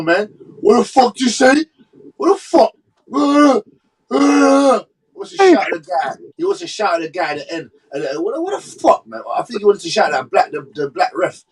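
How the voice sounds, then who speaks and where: A man rants about boxing, heated and full of swearing. His voice sits high. He builds his points with indignant, sweeping questions. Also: husky, far from the mic, low-quality recording. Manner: heated, ranting, profane. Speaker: boxing podcast co-host. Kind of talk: casual chat.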